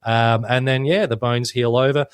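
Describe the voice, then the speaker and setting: Australian man, podcast co-host, rambling and jokey, casual swearing, mid-pitched voice, dry close sound. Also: steady tone, normal speed, clean tone, no room sound. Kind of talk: casual chat.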